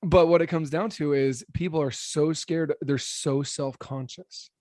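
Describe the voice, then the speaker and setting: Fast-talking blunt man in his thirties. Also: dry recording, studio quality. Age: 30s. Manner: talks fast and slurs his words; blunt, animated, salesman-like pitching. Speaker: roofing business owner, podcast guest. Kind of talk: casual podcast interview.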